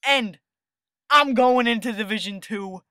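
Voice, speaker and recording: A young gamer giving excitable gameplay commentary over a football video game, swinging between hype and annoyed rants. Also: medium pitch, measured pace, clean tone, no echo, studio quality. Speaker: gaming video host.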